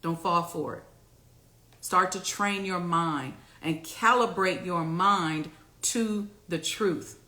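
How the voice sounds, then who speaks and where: A woman hosting a casual talk to camera, preaching and rallying her viewers with loud, repeated exhortations. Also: fairly low pitch, slow pace, roomy sound. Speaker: host.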